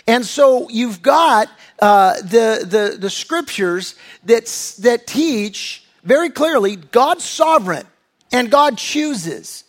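A man's voice: sits high, lively intonation, takes it slowly. A male pastor preaching a sermon in earnest, with fillers and restarts, sometimes acting out voices from the scriptures.

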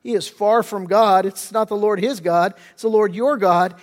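Casual pastor preaching in a reverberant hall. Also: male voice, high voice, moderate pace. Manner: casual, conversational, repeats words when restarting. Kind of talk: sermon.

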